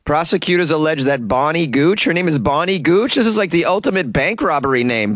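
A man's voice: a little high, lively intonation, moderate pace, few pauses, fairly bright tone, no room sound. A man hosting a comedy news podcast, reading and commenting with sarcastic asides and frequent laughter. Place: small closet.

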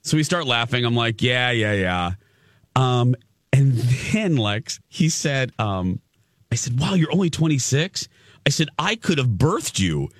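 A man's voice: a little slow, no room sound, clean studio sound. A man in his forties, co-hosting a casual chat show and telling a story in a theatrical way. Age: 40s. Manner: animated, theatrical, jumps to a high voice when excited. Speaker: podcast co-host.

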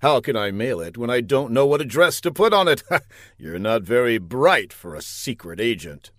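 A man's voice: mid-range voice, big pitch swings, normal speed, a bit bright, no room sound, studio quality. A man voicing a boastful, dim-witted male spy courier who quips smugly and triumphantly.

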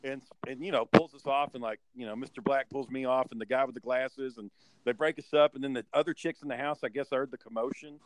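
Speaking at a quick pace with no echo, a medium-pitched man tells a rowdy story as a guest in casual chat. He swears freely and animatedly acts out other people's words.

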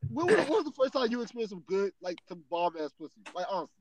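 A man's voice: high-pitched, big pitch swings, rapid-fire, noisy background. A man co-hosting a casual podcast chat, laid-back and crude, laughing often and saying "you know what I'm saying" again and again. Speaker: podcast co-host.

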